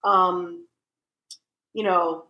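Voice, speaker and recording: A woman's voice: fairly low pitch, extremely slow, muffled recording. A woman co-hosting a casual podcast chat, telling stories with lots of fillers and acted-out quotes. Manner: animated storyteller, acts out quotes. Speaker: podcast co-host.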